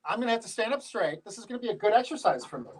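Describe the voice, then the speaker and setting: Male host, lively swooping delivery, jokey and self-mocking, casual studio banter. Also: high voice, very fast, slightly rough, rough recording. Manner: jokey, self-deprecating, animated. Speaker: show host.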